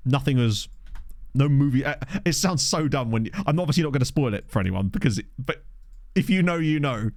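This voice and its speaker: A man's voice: brisk, dry recording. A young man from England streaming a management game, chatting casually and answering his chat as he plays. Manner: chatty, answers chat, lively pitch swings. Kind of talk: casual chat while playing. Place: home streaming setup. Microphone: desk microphone.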